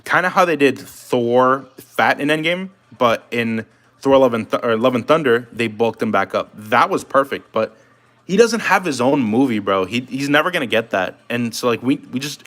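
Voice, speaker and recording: A man's voice: medium pitch, expressive, normal speed, a bit bright. Chatty man on a stream. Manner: loose and chatty, talking to chat while drawing. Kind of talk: casual live stream chat.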